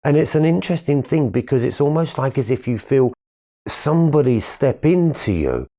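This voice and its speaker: A man's voice: mid-range voice, big pitch swings, moderate pace, warm tone. A man giving a candid, earnest spiritual talk about his own life, swearing casually as he tells it. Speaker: spiritual speaker. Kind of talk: reflective personal monologue.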